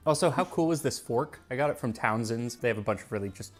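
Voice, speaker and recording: A man's voice: mid-range voice, expressive, fast talker, faint music behind. A man presenting in a played video, casually and enthusiastically recommending a recipe, with frequent restarts. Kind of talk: casual food demonstration.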